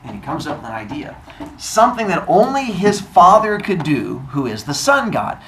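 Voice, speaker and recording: An animated male teacher tells a myth to his class in a casual, joking way and keeps dropping in asides. His pitch swings widely as he talks. He is recorded from a distance in an echoey classroom, with faint noise behind him. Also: normal speed. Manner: animated, jokey retelling with asides. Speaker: teacher and storyteller.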